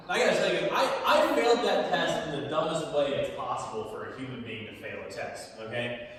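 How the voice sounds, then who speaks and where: A young man performing a stand-up comedy set in a small theater, telling animated stories to a laughing audience. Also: mid-range voice, quick pace. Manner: animated storytelling, punchlines with crowd laughter. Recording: echoey hall from far off.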